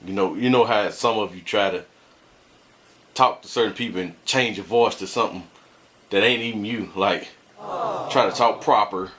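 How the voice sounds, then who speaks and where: A man's voice: on the low side, moderate pace, long pauses, a bit bright, slight background noise. A married man vlogging, ranting bluntly to his viewers and laughing often as he complains. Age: adult, married. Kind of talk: casual ranting commentary.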